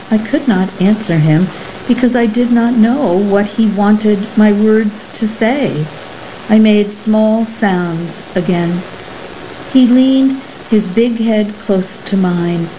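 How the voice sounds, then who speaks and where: A woman reading a story aloud in a measured, somber first-person narration. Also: medium pitch, warm tone. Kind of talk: scripted narration. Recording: slightly muffled with faint hiss.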